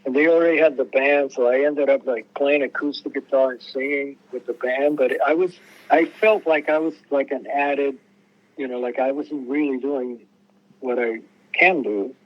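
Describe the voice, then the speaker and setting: Through a muffled, lo-fi radio sound comes an older man's medium-pitched voice, fairly even in intonation and at normal speed. He's a musician guest in a relaxed interview, spinning rambling stories, frequently restarting sentences and performing the quotes.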